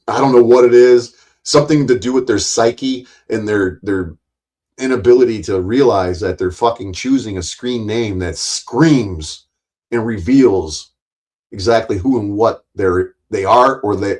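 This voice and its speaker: Low-voiced man ranting with heavy profanity. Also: a little mellow. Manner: angry, sarcastic, swears constantly; mocking, repeats points for emphasis. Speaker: livestream host. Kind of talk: profane livestream rant.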